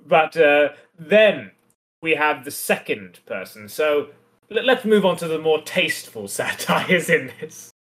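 A man's voice: fairly high pitch, lively intonation, measured pace, a bit bright. Wry man analyzing a comic. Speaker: podcast co-host. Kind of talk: casual discussion of a comic.

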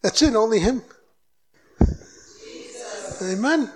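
A man's voice: sits high, a little slow, pauses often. A man giving a sermon as a guest preacher, exhorting the crowd and acting out short exchanges in his own voice. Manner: exhorting, animated, mimics dialogue.

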